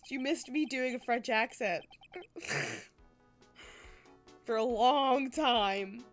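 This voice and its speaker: A woman's voice: on the high side, very slow, long pauses, no echo, soft background music. A young woman streaming a video game, chatting to viewers with laughing asides.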